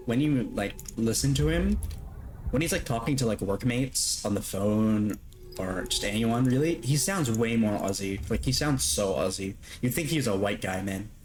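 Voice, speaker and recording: A young man streams a game from home, chatting loosely with his audience, swearing casually and laughing often. His voice is medium-pitched, and there's a little hiss or hum.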